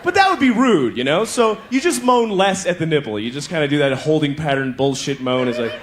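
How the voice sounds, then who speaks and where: A middle-aged man performs stand-up comedy, his voice set fairly high and swinging wildly in pitch as he acts out voices and moans. A faint hiss of background noise sits under the recording. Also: a little fast. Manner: animated storytelling, acting out voices and moans.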